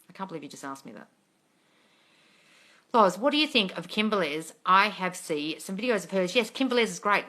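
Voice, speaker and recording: A woman's voice: fairly low pitch, bright, forceful tone. A woman, hosting a casual live Q&A on manifesting, blunt and swearing freely, calling viewers darling. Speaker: manifestation coach answering live chat questions. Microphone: phone or webcam, live stream.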